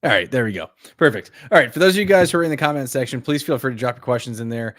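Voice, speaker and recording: A man's voice: mid-range voice, animated, rapid-fire, fairly bright tone, no room sound, studio quality. A man co-hosting a live fantasy baseball stream, upbeat and reading viewer comments aloud. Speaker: podcast co-host.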